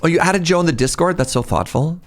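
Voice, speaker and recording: A man giving casual, excitable commentary while streaming a video game and chatting with his viewers. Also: on the high side, fast, faint music behind. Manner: excitable, chatty, talks to chat.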